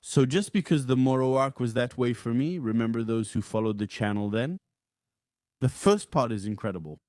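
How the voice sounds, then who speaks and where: A man's voice: mid-range voice, animated, normal speed, darkish tone, dry recording, studio quality. A man co-hosting a podcast in casual chat, blunt and opinionated in how he talks. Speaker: podcast co-host.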